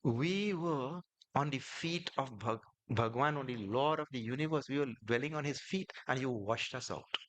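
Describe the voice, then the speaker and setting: A man voicing a crowd of tiny weeping dust specks, plaintive and reproachful, in a raised pitch during a spoken sermon. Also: moderate pace, a bit bright, slight background noise, close to an everyday voice, poor audio. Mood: wailing reproach.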